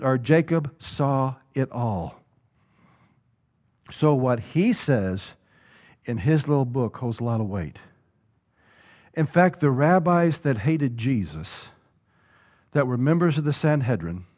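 A man's voice: on the high side, darkish tone, lo-fi sound. A male pastor preaching a sermon, putting rhetorical questions to the congregation and repeating words as he drives a point home.

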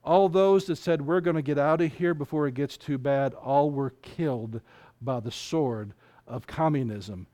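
A man preaching a fervent sermon, reading scripture aloud and speaking in quick bursts. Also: fairly high pitch, mellow. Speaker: pastor.

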